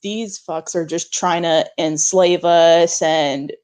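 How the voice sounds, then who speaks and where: A woman's voice: fairly low pitch, fairly even intonation, takes it slowly, a little mellow. A woman co-hosting a podcast in casual chat, emphatic and swearing. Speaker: podcast co-host.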